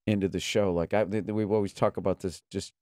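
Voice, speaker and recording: A man who is a TV writer, chatting casually in a studio with loose, halting phrasing. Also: sits low, fairly even intonation, a little mellow, dry recording.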